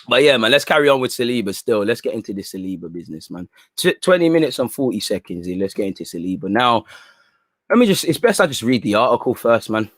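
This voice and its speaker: A man's voice: medium pitch, very animated, brisk, a bit bright, no room sound, studio quality. Rambling man with slangy chat. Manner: rambling, slangy, peppers talk with "man" and "bro". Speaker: football channel host. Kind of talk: casual livestream chat.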